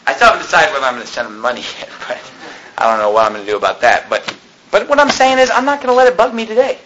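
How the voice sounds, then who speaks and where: A man's voice: on the high side, sing-song, racing, bright, forceful tone, lo-fi sound, slight background noise. A man preaching a sermon as pastor, venting with rising indignation and mixing scripture with personal stories.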